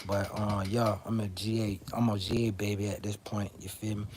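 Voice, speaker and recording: A man's voice: lowish voice, little pitch movement, moderate pace, noisy background. A man from South Florida hosting a casual livestream, rambling, swearing, and answering viewers in chat. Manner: rambling, profane, talks straight to chat. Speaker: livestream host.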